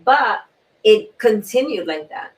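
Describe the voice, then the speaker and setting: A woman hosting a talk show, sharing a personal story in an earnest way, repeating key words and often clearing her throat. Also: mid-range voice, animated, slow. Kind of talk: personal testimony in a panel talk. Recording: distant mic.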